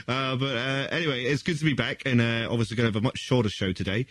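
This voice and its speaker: A man's voice: medium pitch, steady tone, quick pace, fairly bright tone, no echo. Rambling male radio host, dry sound. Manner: rambling, hesitant, with fillers and restarts. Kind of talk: casual radio banter.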